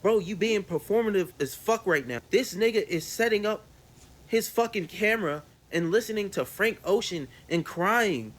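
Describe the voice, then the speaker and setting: A man's voice: high voice, expressive, normal speed. A man in a played clip, talking bluntly and scornfully with heavy swearing.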